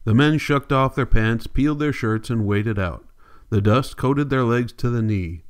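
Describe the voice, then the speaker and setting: A man narrating an audiobook in a steady, measured reading. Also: mid-range voice, smooth. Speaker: audiobook reader. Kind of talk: scripted narration.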